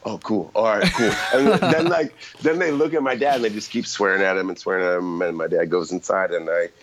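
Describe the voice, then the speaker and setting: A man's voice: low voice, brisk, a little hiss or hum. A middle-aged man on a podcast telling a long, rambling story in casual chat, often correcting himself and laughing.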